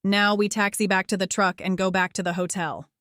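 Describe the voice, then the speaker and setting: A woman's voice: mid-range voice, level tone, a little fast, fairly bright tone, no room sound, studio quality, natural voice. A woman voicing a wounded teenage boy who jokes and reassures in a wry, teasing way. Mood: urgent.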